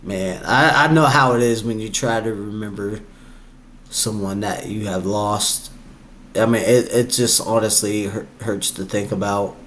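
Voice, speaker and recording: A man's voice: on the low side, a little slow, a bit bright, slight background noise. A young man hosting a reaction video, talking casually and chattily, and laughing often. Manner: chatty, laughs often, acts out quoted voices.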